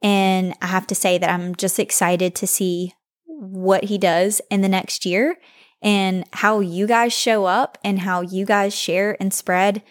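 A woman's voice: mid-range voice, little pitch movement, slow. A young woman hosting her own podcast, talking to listeners in an earnest, heartfelt way about faith. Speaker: podcast host. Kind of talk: solo podcast talk.

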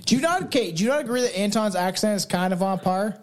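A man's voice: high-pitched, animated, fast. A Canadian man co-hosting a podcast, telling a story in casual chat, swearing and laughing often. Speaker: podcast co-host.

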